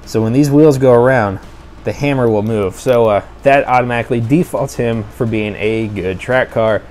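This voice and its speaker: A man casually reviewing toy cars for a video, chatty and enthusiastic, thinking out loud as he goes. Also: mid-range voice, normal speed, slight background noise.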